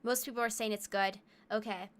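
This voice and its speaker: A woman's voice: medium pitch, fairly even intonation, brisk. A woman streamer chatting playfully with her viewers during a casual gaming livestream. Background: faint game music.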